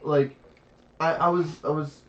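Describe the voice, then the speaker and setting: A man's voice: on the high side, unhurried, recorded from a distance. A middle-aged man chats casually on a podcast, telling stories animatedly and slipping into quoted voices. He sits a little away from the mic. The audio is dull and lo-fi. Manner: animated storytelling with quoted asides. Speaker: podcast co-host. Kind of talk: casual chat.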